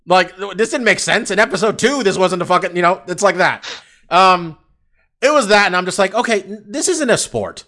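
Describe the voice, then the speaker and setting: A man's voice: high voice, brisk, pushed and bright. A man co-hosting a casual sports podcast, ranting animatedly with lots of swearing and laughter. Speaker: podcast co-host.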